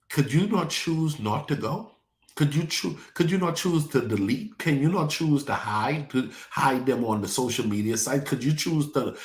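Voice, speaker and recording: Animated preacher in an echoey church. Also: male voice, mid-range voice. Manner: preachy call-and-response, addresses congregation by name. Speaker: pastor. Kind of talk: sermon. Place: church sanctuary.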